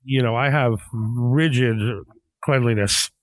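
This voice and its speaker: A man's voice: medium pitch, fairly even intonation, slow, no echo. A middle-aged man from New England with a Boston accent, a chef talking earnestly in a casual podcast conversation, full of fillers and loose run-on thoughts. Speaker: chef and restaurant owner.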